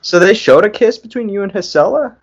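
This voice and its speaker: A man interviewing a guest, with relaxed, brief questions and short replies. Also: sits high, a little fast, breathy edge. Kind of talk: casual interview. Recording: muffled lo-fi audio.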